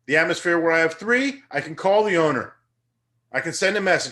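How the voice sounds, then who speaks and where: Speaking briskly with a fairly high pitch, a young man who teaches gives an upbeat, chatty motivational talk punctuated by forceful, emphatic surges.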